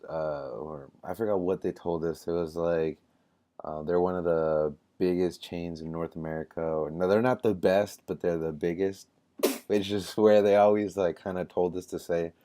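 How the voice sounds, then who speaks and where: A man's voice: low voice, mellow. A young man telling a rambling, casual story to camera, full of fillers and self-corrections. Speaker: vlogger.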